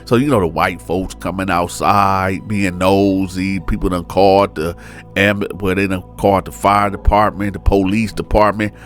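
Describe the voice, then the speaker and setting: A man's voice: low-pitched, little pitch movement, moderate pace, soft background music. A man casually telling a true-crime story in colloquial slang, often checking in with "right?".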